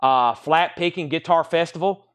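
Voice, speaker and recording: A man's voice: on the high side, normal speed, clean tone. A man hosting a live stream, chatting and rattling off record titles and prices. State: out of breath. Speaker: live sale host. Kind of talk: live-stream sales patter.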